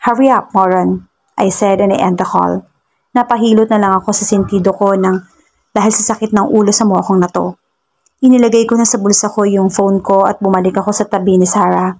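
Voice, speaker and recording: A woman with a Filipino accent reading a first-person romance story in a soft narrating voice. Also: medium pitch, flat delivery, quick pace. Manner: soft, husky narration mixing Tagalog and English.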